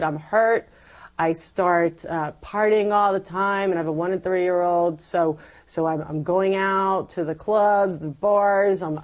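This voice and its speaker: A woman giving a personal faith testimony as an interview guest, telling her story in an animated way and acting out her own past words. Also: on the low side, poor audio.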